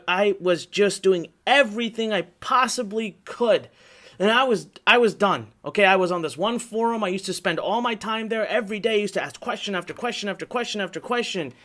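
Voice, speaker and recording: A man teaching an online marketing workshop, telling his story in an energetic, salesy way and checking in with "okay?" again and again. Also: sits high. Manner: animated, repetitive, salesy storytelling with many "okay?"s.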